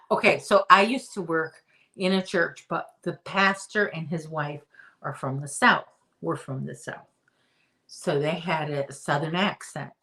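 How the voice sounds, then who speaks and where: Slow-talking woman chatting on a livestream. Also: sits low, a bit bright. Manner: chatty, reads viewer comments aloud. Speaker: livestream host. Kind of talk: casual livestream chat. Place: her home.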